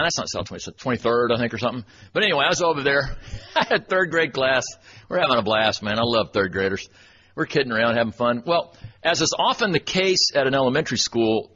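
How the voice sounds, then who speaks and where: Chuckling through a folksy, self-deprecating church talk, this Texan in his 40s speaks in a mid-range voice that's sharp and husky. He's a church speaker and webmaster, and the audio is a dull lo-fi recording with faint noise.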